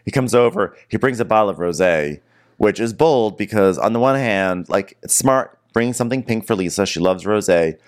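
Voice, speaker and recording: A podcast co-host whose voice climbs and dips all over as he recaps. His chat is casual, wry and animated. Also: fairly low pitch, normal speed. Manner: animated, wry, laughs often.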